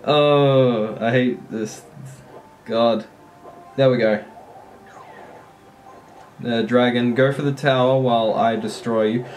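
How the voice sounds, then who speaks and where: A man giving casual, excitable commentary while playing a mobile strategy game, often swearing and laughing at his own play. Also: medium pitch, slow, long pauses, faint music behind.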